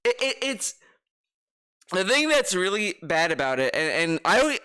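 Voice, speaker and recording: A man's voice: high-pitched, very animated, a little slow, sharp tone, clean tone. A man streaming his reaction to videos, ranting with heated, profane sarcasm. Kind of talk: ranting commentary.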